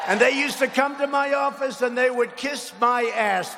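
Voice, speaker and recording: A man giving a rally speech in a large arena, mocking and repeating himself and shouting lines to the crowd. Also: high voice, normal speed, hardly any pauses. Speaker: political speaker at a rally. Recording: long arena reverb, faint noise.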